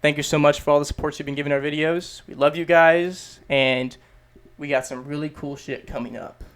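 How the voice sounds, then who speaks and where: A man's voice: fairly high pitch, steady tone, fairly quick, clear, resonant tone. A young American man explaining English words in a casual vlog, emphatic and repetitive, swearing freely. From United States. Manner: emphatic, swears freely, repeats phrases for stress. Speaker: YouTube English teacher.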